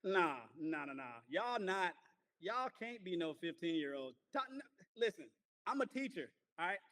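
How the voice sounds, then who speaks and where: A man of forty, teaching a class in a playful, animated way, praising and joking with his students. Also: high-pitched, moderate pace. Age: 40s.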